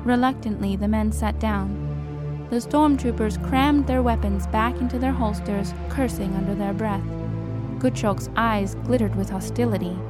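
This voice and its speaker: A woman narrating an audiobook with measured, dramatic delivery over a cinematic score. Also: fairly high pitch. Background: cinematic music score.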